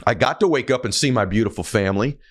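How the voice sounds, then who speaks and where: A man's voice: medium pitch, fast talker. A man giving a motivational faith talk in an emphatic, urging, preachy manner. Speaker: motivational speaker.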